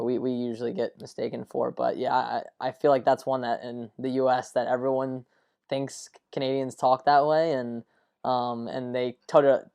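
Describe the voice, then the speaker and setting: A man's voice: mid-range voice, a little mellow, clean tone. A man hosting a sports podcast, asking questions in a friendly way with lots of fillers. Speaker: podcast host. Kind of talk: casual interview chat.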